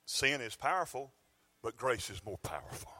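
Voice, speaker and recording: In a church sanctuary, a middle-aged man from Georgia, US, preaches as pastor, his voice medium-pitched, expressive, pushed and bright at a moderate pace. He keeps it folksy and conversational, breaking into bursts of emphasis.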